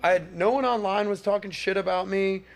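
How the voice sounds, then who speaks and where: A man's voice: high voice, brisk, vocal fry. A man in his forties, a podcast host, telling a casual story with energy and acting out quotes in mock voices. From Miami area.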